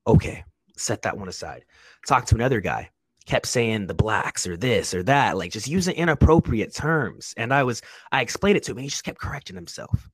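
Earnest, animated man speaking candidly. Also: mid-range voice, brisk, husky, no room sound. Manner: earnest, emotional, emphatic, with frequent restarts. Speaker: soldier guest. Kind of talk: candid conversation.

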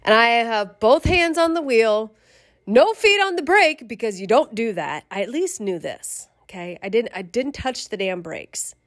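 A middle-aged woman casually telling a personal memoir, animated, swearing and laughing as she goes. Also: fairly high pitch, unhurried. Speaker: storyteller.

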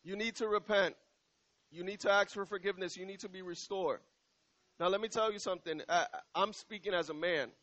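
High-voiced male pastor preaching casually. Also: fairly even intonation, fairly bright tone, highs cut off. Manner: conversational preaching, repeats lines slowly for emphasis. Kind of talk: sermon. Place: church.

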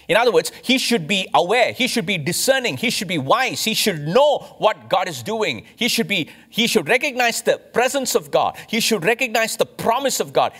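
A man from India, a pastor, preaching a sermon with emphatic rises and slow, stressed phrases. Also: mid-range voice, fairly bright tone.

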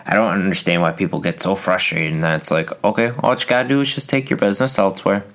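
A man's voice: low-pitched, steady tone, fast talker, fairly bright tone. A young man hosting a solo podcast, rambling through a casual rant with lots of fillers and restarts. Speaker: podcast host.

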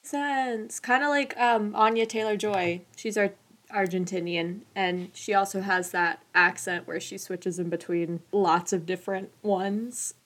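A woman's voice: mid-range voice, fairly even intonation, unhurried, fairly bright tone. A young woman co-hosting a podcast, chatting casually in an emphatic, slangy way about a film she loves. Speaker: podcast co-host. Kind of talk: casual chat.

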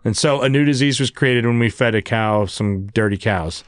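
Podcast guest guy, mid pitch, trips over big words reading out loud, dry close mic. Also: clean tone, no echo. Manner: reads aloud haltingly, stumbles on terms. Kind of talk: casual chat.

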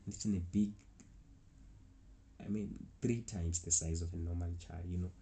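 Deep gravelly guy rambling through a travel story, dark voice, faint noise behind. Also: steady tone, moderate pace. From South Africa. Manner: rambling, with many restarts and acted-out quotes. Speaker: travel vlogger.

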